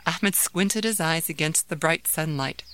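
A woman narrating a children's story aloud in an expressive, sing-song manner. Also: deep voice, unhurried, a little hiss or hum.

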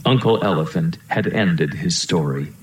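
A man narrating a children's storybook aloud in a steady, storytelling way, in a roomy-sounding recording. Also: deep voice, moderate pace, a little hiss or hum. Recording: roomy echo.

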